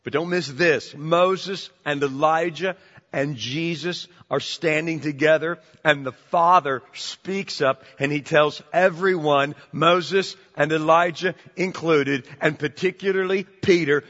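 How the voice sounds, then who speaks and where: A man preaching a sermon as pastor, animated and emphatic, often repeating words as he builds to his points. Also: a little high, slow pace. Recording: dull sound with long church reverb.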